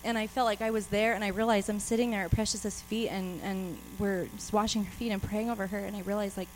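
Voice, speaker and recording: A woman's voice: mid-range voice, level tone, fast talker, darkish tone, rough recording. Woman preaching kinda breathless, chatty and laughy, lots of restarts, faint hum behind. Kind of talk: informal sermon with scripture reading.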